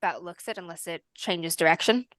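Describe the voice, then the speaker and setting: A woman narrating a tabletop game as game master, descriptive and quick to laugh. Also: lowish voice, fairly bright tone, no room sound.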